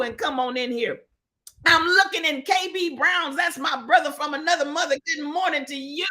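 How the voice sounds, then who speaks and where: A woman's voice: high-pitched, normal speed, pushed and bright. A middle-aged woman hosting a livestream, greeting viewers by name and talking about the news in an emphatic, preachy way. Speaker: livestream host. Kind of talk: live-stream chat and commentary.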